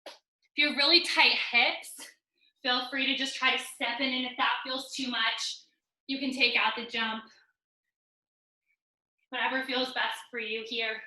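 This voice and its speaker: Breathless, bright-voiced woman coaching a workout. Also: sits high, fairly even intonation, measured pace, pauses often. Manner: upbeat coaching, counting down reps, joking asides. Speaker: fitness instructor. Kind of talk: live online workout class instruction. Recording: roomy echo.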